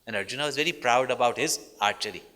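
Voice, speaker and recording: A man's voice: mid-range voice, fast, bright, forceful tone. A man, a spiritual teacher, telling stories in a discourse and checking in with the listeners through constant "hmm?" and "no?" tags. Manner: frequent questioning "hmm?" and "no?" tags. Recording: long hall reverb.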